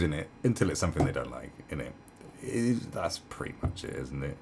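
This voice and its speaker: A man's voice: deep voice, animated, fast, a little mellow, a little hiss or hum. A man delivering a heated, profane commentary rant, full of stumbles and restarts. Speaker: commentary vlogger. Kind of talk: ranting commentary.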